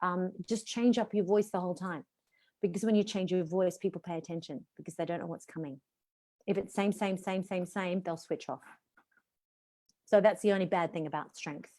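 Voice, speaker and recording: Leading a live online workshop, this Australian voice and presentation coach reads out questions and responds with lively, shifting inflection. Her voice sits on the low side and moves fairly quickly.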